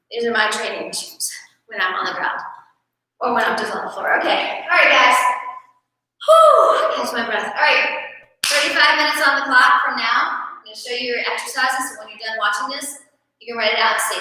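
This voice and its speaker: A woman's voice: a little high, sharp tone. A woman fitness instructor leading a guided workout, cueing moves and counting out reps in an upbeat way. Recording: echoey room from far off.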